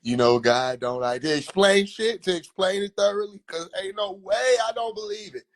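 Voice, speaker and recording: A young man talks straight into his phone during a live stream, his voice sitting a little high. He rambles in a loose, animated, profane way. He keeps breaking into quick quoted voices of other people. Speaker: livestreamer. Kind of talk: rambling casual livestream monologue.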